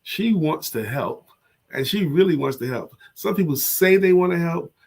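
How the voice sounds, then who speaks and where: Tired, low-energy man co-hosting. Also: expressive, gravelly. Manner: slow, tired, soft-spoken. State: sick, low energy, recovering from covid. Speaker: co-host of a motivational show. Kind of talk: casual chat.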